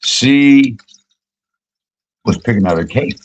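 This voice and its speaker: A middle-aged man, a comedian, telling profane, joking stories on a casual livestream and jumping high in pitch when he quotes people. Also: animated, slow pace, lo-fi sound. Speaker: comedian and YouTube cook.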